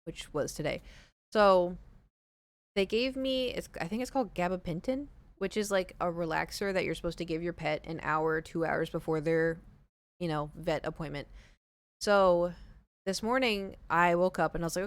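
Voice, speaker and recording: A young woman with a lowish, clean-toned voice speaks at a normal speed as she streams, casually retelling a story to her chat. She's chatty, says "like" constantly, acts out the dialogue, and sometimes drops to a hush. She uses a headset mic that she later takes off.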